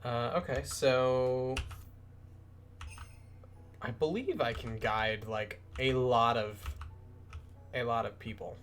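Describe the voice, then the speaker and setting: A man's voice: medium pitch, slow, pauses often, a bit bright, a little hiss or hum. A man chatting casually as a streamer while playing a game, rambling and enthusiastic. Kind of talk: casual gameplay commentary.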